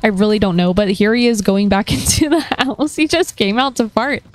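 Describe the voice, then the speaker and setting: A woman's voice: on the high side, moderate pace. Chatty young woman narrating gameplay. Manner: chatty, giggly, full of fillers. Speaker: gaming video creator. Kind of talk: casual gameplay storytelling.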